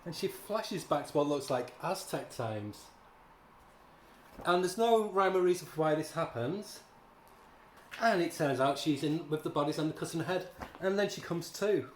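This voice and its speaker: A man's voice: a little high, expressive, normal speed, a little hiss or hum. A man giving a casual spoken comic book review, ranting in a sarcastic, exasperated way. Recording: echoey room.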